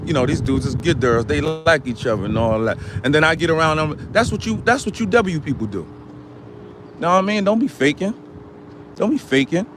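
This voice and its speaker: A man puts on a boastful, hot-tempered ranter with a somewhat high voice that lurches between low mutters and sudden yells. He repeats himself constantly and talks in a comedic stream rant. A faint hum of outdoor traffic sits underneath. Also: animated, fairly quick, close to an everyday voice. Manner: ranting, repetitive, swinging from mutters to yells. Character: loud boastful ranting man, quick to anger.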